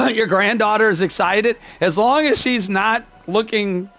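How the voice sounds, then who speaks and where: An older male streamer with a surprisingly high voice for his gruff, curmudgeonly delivery. He breaks down a match live for his chat, stopping and restarting sentences and letting out easy chuckles between thoughts. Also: fairly bright tone, faint music behind. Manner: gruff, curmudgeonly-sounding, says he is not angry; halting, restarts phrases, chuckles often. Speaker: game streamer. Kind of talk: live gameplay commentary talking to chat.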